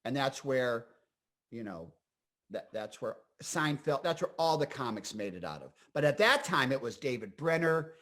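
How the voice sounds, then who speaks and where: A man in his fifties from Scranton, Pennsylvania, an actor and comedian telling rambling, animated stories as an interview guest. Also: mid-range voice, normal speed. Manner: animated, rambling, full of fillers and asides. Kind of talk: casual interview storytelling.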